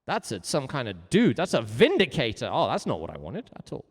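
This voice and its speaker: A man's voice: mid-range voice, wildly swooping pitch, brisk, slightly rough, long reverb tail. A man teaching a music lesson during a livestreamed game, theatrical, jokey and mock-stern.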